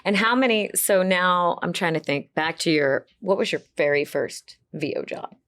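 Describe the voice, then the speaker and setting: A woman hosting an interview, asking questions casually, laughing often and reacting quickly. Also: fairly low pitch, fairly bright tone. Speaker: interview host.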